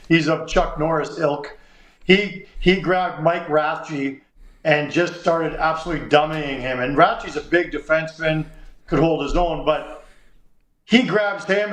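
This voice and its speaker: A Canadian sports radio host tells a long story, animatedly performing the quoted dialogue. His voice is a little high, and the rough recording carries an echoey room.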